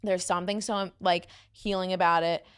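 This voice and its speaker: Her voice is on the low side, clear and resonant, with little pitch movement and a moderate pace. A young woman with a New York accent, she hosts a casual podcast, rambling tiredly and laughing a lot.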